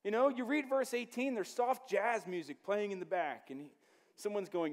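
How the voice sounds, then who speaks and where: High-voiced joking male pastor. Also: moderate pace. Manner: joking, conversational preaching. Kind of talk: sermon. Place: church.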